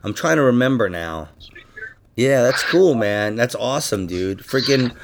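A man hosting a podcast in casual chat, profane and animated, laughing through his asides. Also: mid-range voice, unhurried, gravelly, slight background noise. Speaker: podcast host.

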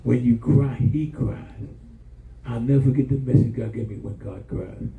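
A man's voice: medium pitch, normal speed, creaky, narrow, tinny audio. A man preaching a sermon as pastor, impassioned, calling for responses from the congregation. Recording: roomy church sound from far off.

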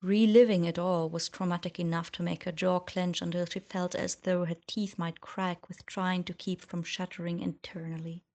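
A woman reading fiction aloud as audiobook narrator, measured and subdued. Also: lowish voice, dark tone.

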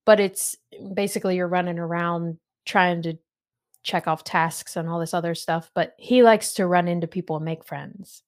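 A woman's voice: lowish voice, fairly even intonation, normal speed. A woman hosting a podcast, chatting casually about games and laughing often. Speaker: podcast host. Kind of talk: casual chat.

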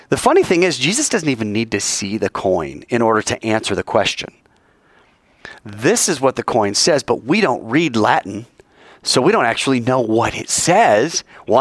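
A man preaching a sermon, telling the story with animated delivery and acting out the voices in it. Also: mid-range voice, moderate pace, no echo.

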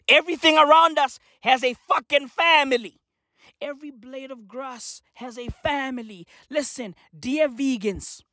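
A man's voice: extremely high pitch, a bit bright, no room sound, studio quality. A man from Africa delivering a profane, slang-heavy comedic rant with an emphatic, mocking manner.

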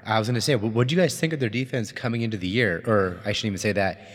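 Lowish man in a reverberant room. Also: rapid-fire. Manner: inquisitive, asks the others. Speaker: podcast co-host. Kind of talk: casual sports chat.

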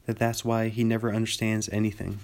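A simple, good-natured teddy bear, played by a man reading aloud, musing slowly and sometimes puzzled. He stays gentle and unhurried in a storybook world. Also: on the low side, completely flat delivery, close to an everyday voice. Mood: thoughtful. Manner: slow, thoughtful and puzzled. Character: simple, kindly young male teddy bear.

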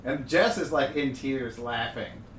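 A man's voice: medium pitch, measured pace. Man telling a profane story, echoey room. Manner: profane, animated storyteller who acts out quotes. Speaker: podcast co-host. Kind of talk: casual storytelling chat. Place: room with an overhead TV. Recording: echoey room, distant mic, faint hiss.

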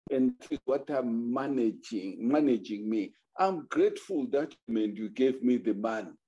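A man voicing a calm, steadfast village wife who answers her husband firmly and patiently. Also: mid-range voice, unhurried, highs cut off, close to an everyday voice.

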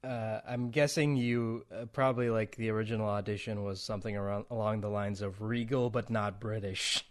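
A man's voice: fairly low pitch, steady tone, moderate pace. A man interviewing a guest in a casual chat, asking questions with a fan's enthusiasm.

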